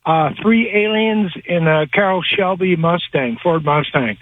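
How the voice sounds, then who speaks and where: A man's voice: sits high, a little slow, slightly rough, no echo. Rambling male caller on a tinny phone line. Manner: rambling, animated, many restarts. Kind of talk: phone-in storytelling. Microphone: telephone.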